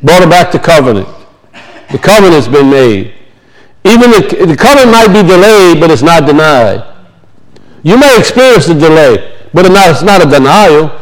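A man's voice: fairly high pitch, big pitch swings, normal speed, low-quality recording. A man preaching a sermon, reading scripture aloud and then expounding on it with emphatic repetition. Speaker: pastor.

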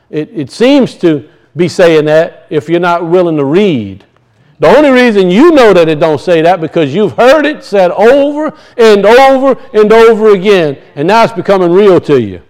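A middle-aged man with a notably high voice preaching a lively sermon. He swings his pitch up and down, circles back on phrases for emphasis, and slips into acted-out voices. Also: moderate pace, rough recording. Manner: animated preaching, rises and drops in pitch, acts out quoted voices; repeats and restarts phrases for emphasis.

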